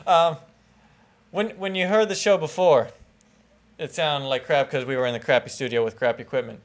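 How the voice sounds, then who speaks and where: A man with a slightly raised pitch co-hosts a homemade comedy podcast. He jokes and swears loosely and stumbles when excited. He speaks into a lapel mic pinched between his fingertips. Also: normal speed. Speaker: podcast co-host. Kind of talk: casual comedic chat. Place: makeshift home setup. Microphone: lapel mic held in fingertips.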